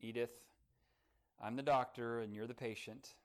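Man playing a gentle, sad doctor. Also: mid-range voice, fairly even intonation, measured pace, voice pushed down, natural voice. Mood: somber. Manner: soft, somber. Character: gentle male doctor, heavy-hearted.

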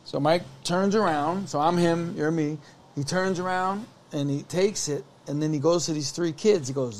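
A man's voice: fairly high pitch, moderate pace. Rambling storytelling man, faint background hum. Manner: rambling, animated, acts out quotes. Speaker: podcast guest telling stories. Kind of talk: casual storytelling chat.

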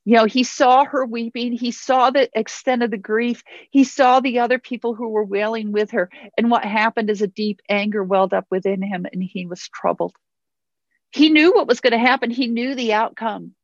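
A woman's voice: a little high, moderate pace, no room sound. Lady pastor preaching, earnest, repeats stuff for emphasis, dry dull sound. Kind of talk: sermon.

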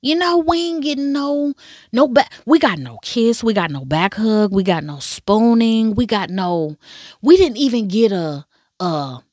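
A woman in a casual, animated chat reviewing a drama series, telling the story with slang and asides. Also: fairly high pitch, a little slow, dry recording, clean studio sound.

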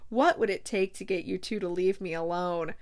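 A woman's voice: on the low side, moderate pace, darkish tone, close to an everyday voice. A woman reading the lines of an irritable, hungover young nobleman, curt and snappish. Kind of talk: reading a novel excerpt aloud.

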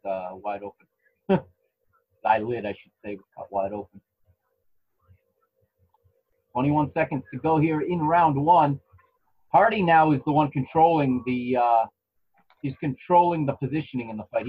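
A man co-hosting a podcast, giving relaxed play-by-play of a fight with restarts and chuckles. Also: mid-range voice, breathy edge, muffled recording. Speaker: podcast co-host commentating a fight. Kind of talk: casual live fight commentary. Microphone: home microphone.

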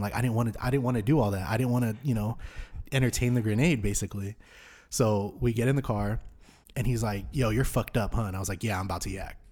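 A young man in his twenties on a podcast, telling a drunk night-out story in animated, slangy chat full of swearing. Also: fairly low pitch, a little fast. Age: 20s. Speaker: podcast host.

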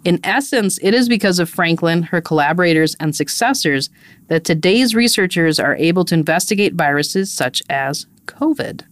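A woman's voice: on the low side, animated, moderate pace, dry recording. A woman co-hosting a podcast in casual, chatty conversation with a friend, laughing easily and poking fun at herself. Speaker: podcast co-host. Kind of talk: casual chat.

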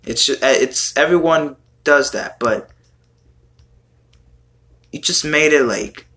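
A man reacts to song lyrics in loose, casual commentary. He sounds exasperated and swears freely as he mocks each line. His voice has a bright, forceful edge, and he talks at an unhurried, drawn-out pace. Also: on the high side.

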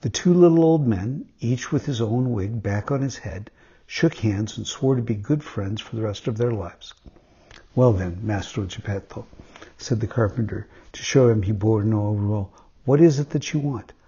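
A man with a fairly low, slightly rough voice reads a classic children's story aloud as a weekly installment at a moderate pace. He tells it expressively, voicing the quotes, and the recording sounds dull and lo-fi.

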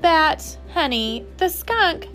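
A woman's voice: extremely high pitch, sing-song, takes it slowly, sharp tone, soft background music, pitched above the performer's own voice, heavily acted. A woman voicing a firm but loving mother while reading a storybook aloud. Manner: firm, patient.

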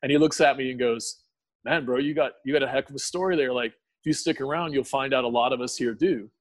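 A man giving an emotional personal testimony in a podcast interview, tearful, earnest and halting, with many restarts. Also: mid-range voice, no echo. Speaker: guest sharing testimony.

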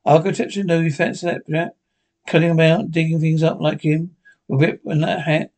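Men with Scottish accents acting as bickering old male pensioners in a sitcom, trading quick, sweary, deadpan banter. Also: fairly high pitch, natural voice. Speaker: sitcom characters. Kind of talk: scripted sitcom dialogue.

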